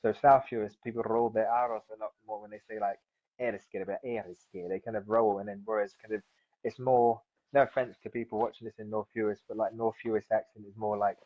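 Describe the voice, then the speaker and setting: A man's voice: fairly low pitch, flat delivery, quick pace, no echo. A man in his thirties from South London, chatting casually as an interview guest, rambling with lots of fillers and restarts. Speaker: guest, seaweed farmer. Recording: dull lo-fi sound.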